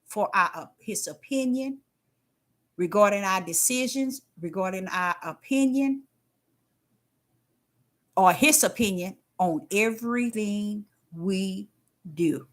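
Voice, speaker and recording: An older woman giving a casual spiritual testimony, folksy and emphatic, repeating herself and swinging between loud and hushed. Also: medium pitch, slow, pauses often. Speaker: faith talk host.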